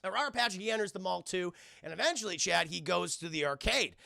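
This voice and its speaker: A man reviewing a film on a livestream, excitable and profane, constantly talking to his chat. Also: high-pitched, fast, creaky, no echo, clean studio sound.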